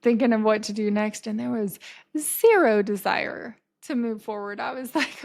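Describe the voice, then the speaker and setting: A woman telling a personal story as a podcast guest, in a casual, animated way, swearing freely and acting out what people said. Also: fairly high pitch, a little slow, creaky. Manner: swears freely and acts out quotes in a vivid, animated way.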